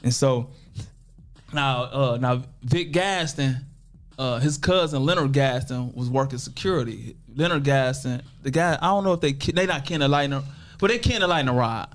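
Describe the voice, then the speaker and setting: A man's voice: mid-range voice, moderate pace. A man from Toledo, Ohio, a podcast guest, telling a story in casual, profane street slang and acting out other people's lines. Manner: animated, acts out other people's voices in quotes.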